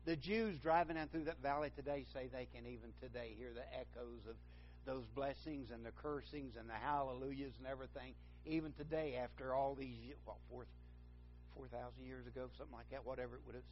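A man's voice: medium pitch, quick pace, muffled recording, a little hiss or hum. A man preaching a sermon, rambling and correcting himself, then building to fervent emphasis.

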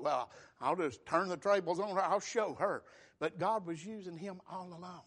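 A man preaching a sermon, telling folksy stories and rising into fervent shouts. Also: sits high. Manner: fervent, builds to shouting bursts, folksy storytelling.

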